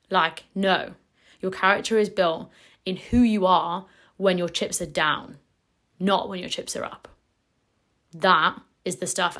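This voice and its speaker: A woman delivers a motivational solo podcast with punchy, emphatic energy. She stretches key phrases for effect and swears casually. Her pitch sits in an ordinary middle range for a woman. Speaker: podcast host and business coach.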